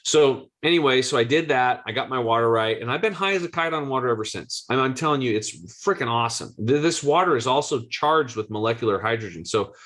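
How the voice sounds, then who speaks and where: A man in his forties, a guest health coach, telling a story with excitable, slangy energy. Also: medium pitch, fast talker, hardly any pauses. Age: 40s. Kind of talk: animated storytelling.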